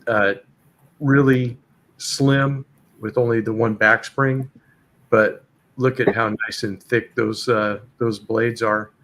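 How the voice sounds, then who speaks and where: A man's voice: mid-range voice, steady tone, takes it slowly, fairly bright tone. A man hosting a casual live chat, easygoing and hesitant with lots of fillers. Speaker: host.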